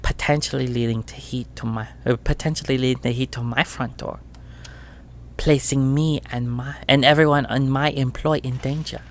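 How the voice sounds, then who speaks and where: A man's voice: medium pitch, steady tone, normal speed, slight background noise, natural voice. A man voicing a mean, sweetly menacing middle-aged crime boss woman with a nasal, rusty, syrupy voice in a tabletop game. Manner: soft, purring and threatening, with small stumbles.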